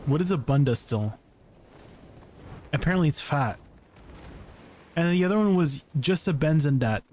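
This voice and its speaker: Chatty male game streamer, somewhat high. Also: lively intonation, normal speed, darkish tone, slight background noise. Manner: chatty, reads chat aloud, laughs often. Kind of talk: casual livestream chat.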